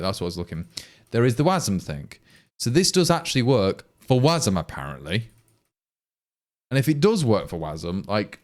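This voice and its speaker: A man's voice: lowish voice, a little mellow. A man with an East Midlands English accent, from Leicestershire, chatting casually on a live coding stream, thinking aloud and answering viewers. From England, Leicestershire. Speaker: programmer livestreaming his coding.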